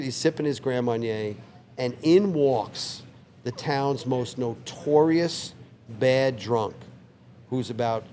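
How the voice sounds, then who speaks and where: A man in his sixties, a longtime bar owner, telling a story in a relaxed, vivid way on a couch in his bar. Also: mid-range voice, slight background noise. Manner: relaxed, vivid anecdote teller who acts out quoted lines. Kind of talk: casual storytelling interview.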